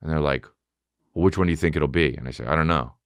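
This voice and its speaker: A man in his thirties hosting a podcast, telling a profane, animated story and acting out both sides of a conversation. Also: rumbling low, fast, smooth, dry recording. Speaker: podcast host. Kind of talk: casual comedic storytelling.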